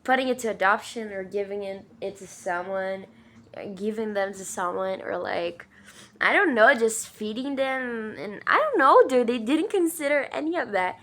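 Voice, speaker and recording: A woman's voice: medium pitch, animated, moderate pace, a bit bright. A woman telling a story in a casual, rambling way, full of fillers and emphatic swearing. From Brazil. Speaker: vlogger.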